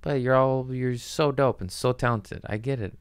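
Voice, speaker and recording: A man's voice: medium pitch, fairly even intonation, normal speed, clean tone, no echo. A man hosting a podcast, talking loosely and profanely in a jokey comedic rant.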